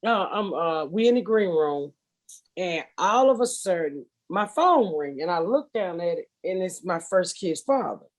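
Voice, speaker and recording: A woman's voice: on the low side, lively intonation, moderate pace, hardly any pauses. A middle-aged woman, hosting a podcast and telling a comedic story with profanity, acting out both sides of a phone call. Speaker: podcast host.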